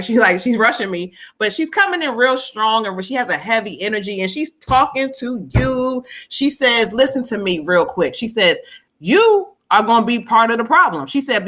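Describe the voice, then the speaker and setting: A woman psychic medium, doing a live-stream tarot reading, animated and often laughing as she quotes spirits in a sassy voice. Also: a little high.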